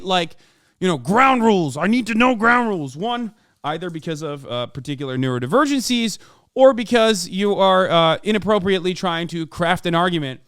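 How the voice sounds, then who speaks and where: A man's voice: high voice, a bit bright, smooth, no room sound. A man streaming, reacting to a video with profane, sarcastic, heated commentary from home on a close desk mic.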